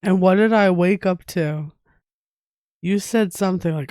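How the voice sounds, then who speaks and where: A woman's voice: fairly low pitch, measured pace, a little mellow, clear, resonant tone, no echo, clean studio sound. Teasing, giggly young woman co-host. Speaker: podcast co-host. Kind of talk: casual couple chat.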